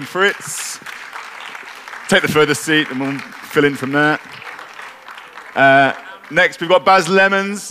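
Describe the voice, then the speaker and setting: A man hosting a conference roundtable, introducing the panelists in a brisk, lightly joking way. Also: on the high side, pushed and bright, slight background noise. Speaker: roundtable host, trade editor.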